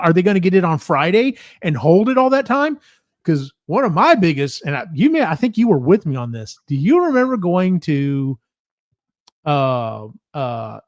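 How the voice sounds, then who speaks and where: A man's voice: fairly high pitch, no room sound, studio quality. A man hosting a casual podcast chat, rambling through stories and swearing freely. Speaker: podcast host.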